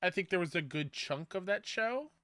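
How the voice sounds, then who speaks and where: A man co-hosting a gaming podcast, excited and quick to laugh. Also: high voice, dry recording, clean studio sound. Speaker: podcast co-host. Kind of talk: casual livestream chat.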